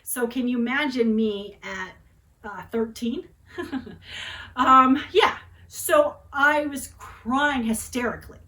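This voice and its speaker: A woman in her forties vlogging a personal story. She talks in a dramatic, chatty way and keeps checking in with tag questions. Her voice sits slightly high. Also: takes it slowly, pushed and bright, poor audio. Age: 40s.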